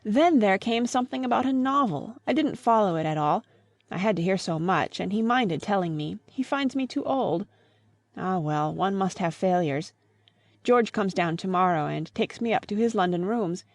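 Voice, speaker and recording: A woman's voice: mid-range voice, normal speed, no echo, lightly acted. A woman reading the part of a grieving old father in an audiobook, earnest and pleading.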